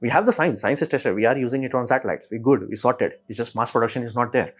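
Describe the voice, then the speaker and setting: A man hosting a casual explainer, talking bluntly in a ranting, sarcastic way with quick asides. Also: medium pitch. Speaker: host.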